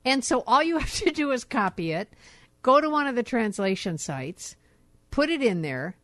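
A chatty middle-aged woman hosting a radio show, her pitch rising and falling freely as she tells a story. The sound is dry and close, with no room around her. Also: very animated, normal speed, a bit bright, no room sound. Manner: chatty, laughs easily. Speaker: radio host. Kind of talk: casual on-air chat.

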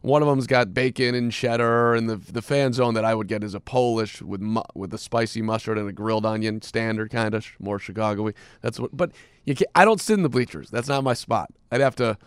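A man's voice: on the low side, a little fast, clear, resonant tone, no room sound. A man co-hosting a sports radio show, trading easygoing banter. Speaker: radio co-host. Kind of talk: casual sports talk.

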